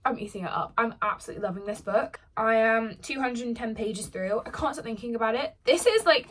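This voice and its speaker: A woman's voice: on the high side, fairly bright tone, slight background noise. A young woman who is a book vlogger, chatting casually to camera at home in a bubbly, gushing way. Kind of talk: casual vlog talk to camera.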